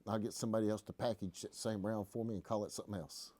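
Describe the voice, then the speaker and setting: A man's voice: on the low side, steady tone, quick pace, warm tone. A man hosting a casual live stream from a gun shop, telling stories in a folksy, joking way. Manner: folksy, joking, rambling explanations. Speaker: host.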